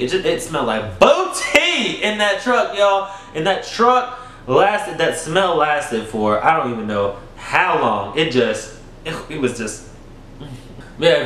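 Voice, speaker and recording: A young man chatting through a storytime vlog, animated and expressive, his voice jumping high when he gets dramatic. He talks at a medium pitch and speaks right to his audience. The room has a roomy echo and a faint hiss underneath. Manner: animated, dramatic swings up high, addresses viewers directly. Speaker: YouTuber telling a story. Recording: echoey room.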